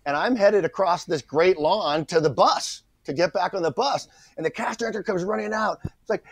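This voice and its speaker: Speaking a little fast in a high voice with a breathy edge, a middle-aged actor guest tells an anecdote. He animatedly acts out the voices of the people in it, and there's no echo.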